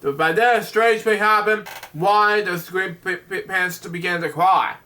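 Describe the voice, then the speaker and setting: A man with a high, bright voice reads a bedtime picture book aloud. He trips over words, restarts lines and keeps breaking off to chat about the story in a loose, offhand way. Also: steady tone. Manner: halting, stumbles and restarts words, chatty side comments. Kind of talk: reading a children's book aloud with casual asides.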